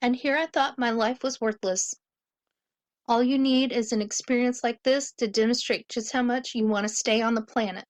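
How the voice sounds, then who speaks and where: A man's voice: extremely high pitch, fairly even intonation, moderate pace, no room sound, voice pushed up. A man voicing a frightened young woman held at knifepoint in an audiobook, in a raised, tense, pleading voice. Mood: desperate.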